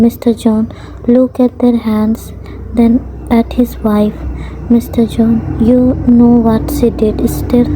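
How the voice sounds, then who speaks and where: A woman reading her own fan fiction aloud as a storybook narration, steady and unhurried. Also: fairly high pitch, low-quality recording.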